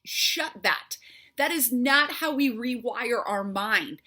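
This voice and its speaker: Husky-voiced woman giving an earnest faith talk. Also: a little high, expressive, slow pace, pushed and bright. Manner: earnest, encouraging, speaks straight to the listener. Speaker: faith-based health coach. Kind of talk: motivational faith talk to viewers.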